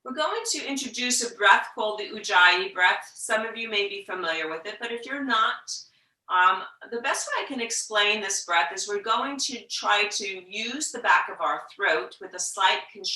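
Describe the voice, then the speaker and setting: Woman yoga teacher, bright clear voice, gentle unhurried guidance, echoey room a little off-mic. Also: medium pitch, recorded from a distance. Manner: slow, gentle guiding with soft whispered breath demos. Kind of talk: guided yoga instruction.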